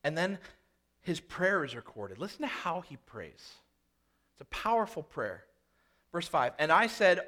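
A man preaching a sermon, moving between quiet, slow reflection and loud, urgent reenactments of prayer. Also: sing-song. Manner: earnest preaching with dramatic dynamic swings, quieting low then rising loud. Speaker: pastor.

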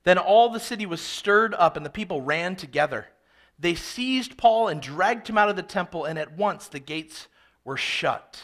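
A man preaching an expository sermon, reading scripture aloud and then explaining it with animated, dramatic emphasis. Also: high voice, moderate pace. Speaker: pastor.

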